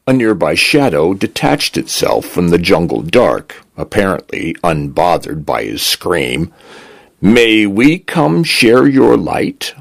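Male narrator, very low voice, husky, slow and measured, dry close sound. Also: no room sound. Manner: slow, measured storytelling delivery. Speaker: host and volunteer narrator. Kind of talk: scripted story narration.

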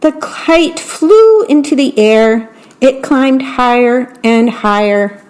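A woman reading a children's bedtime story aloud as a volunteer radio reader, in a slow, clear, gentle way. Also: sits high, lively intonation.

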